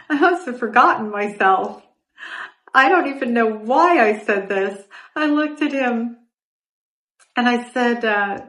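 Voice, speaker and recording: A woman's voice: on the high side, expressive, slow, long pauses, a bit bright, reverberant, far from the mic. A middle-aged woman hosting a podcast, telling a personal story in a candid, reflective way with asides and self-corrections. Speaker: podcast host.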